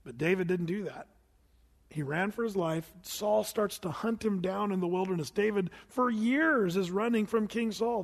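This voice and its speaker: High-voiced preacher in a reverberant hall. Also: male voice. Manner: animated storytelling, swings between loud and hushed; humorous asides. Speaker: pastor. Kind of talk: sermon.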